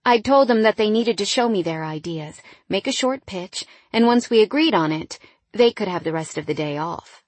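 A woman narrating a first-person romance audiobook in an intimate, wistful way that often drops quiet. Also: mid-range voice, expressive, normal speed, no echo.

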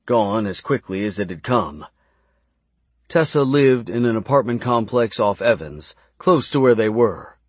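A man narrating an audiobook in an even, steady reading. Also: on the low side, husky, no room sound.

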